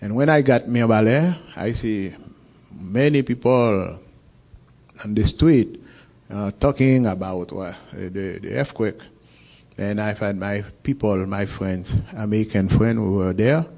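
Slow, halting man with a Haitian accent. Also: lowish voice, gravelly, a little mellow. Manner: halting, searching for words in English. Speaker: guest telling his story. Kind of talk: personal account in an interview. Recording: dull lo-fi recording.

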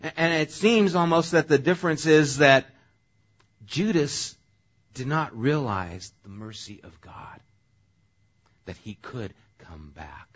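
Guy pastor preaching, husky voice, chatty and animated, kinda dull lo-fi recording. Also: a little high, slow. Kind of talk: sermon.

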